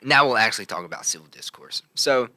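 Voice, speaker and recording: A man's voice: mid-range voice, animated, quick pace, bright, forceful tone. A young man hosting a casual podcast chat, telling stories playfully and tagging his lines with "right?". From from Logan. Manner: playful storyteller, full of "right?" tags. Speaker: podcast host.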